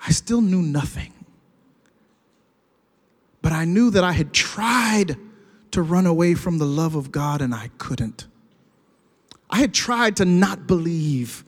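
High-pitched guy preaching, earnest, gets loud and emphatic, long echo like a big church. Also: expressive, takes it slowly, long pauses. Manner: earnest, rising to emphatic outbursts. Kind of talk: storytelling sermon. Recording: long hall reverb.

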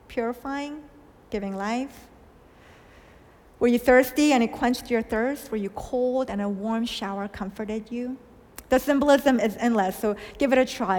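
Woman pastor, higher register, reflective storytelling sermon with long hall reverb. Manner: storytelling, questions, soft dips for quoted lines. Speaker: preacher.

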